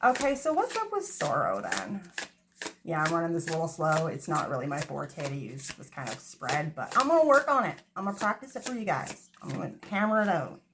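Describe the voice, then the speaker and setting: A woman's voice: deep voice, big pitch swings, fairly quick, background noise. A woman giving a casual tarot reading, chatty and self-mocking, swearing freely, recorded on a phone. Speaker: tarot reader. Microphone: phone camera.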